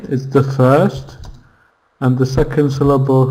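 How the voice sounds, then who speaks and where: Man, online english lesson, very slow unhurried delivery, patient, repeats pronunciations. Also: medium pitch, a little hiss or hum, low-quality recording. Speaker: English teacher.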